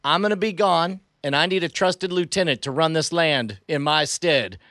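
A man chats playfully through a tabletop game, often stammering as he restarts. His voice is high, and the sound is close and dry. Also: moderate pace, bright, forceful tone, no echo. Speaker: player. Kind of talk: tabletop role-play chat.

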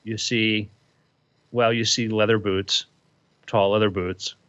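A man acting as game master sets each scene with playful drama in a bright, clear voice. The audio is dry, slightly muffled and lo-fi. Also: lowish voice, little pitch movement, slow pace, dry recording. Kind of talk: improvised tabletop narration.

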